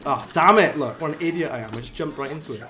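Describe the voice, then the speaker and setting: A man from South Wales with a Valleys accent, chatting casually on a live game stream, self-mocking and jumping up in pitch when frustrated. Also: rapid-fire. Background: game music.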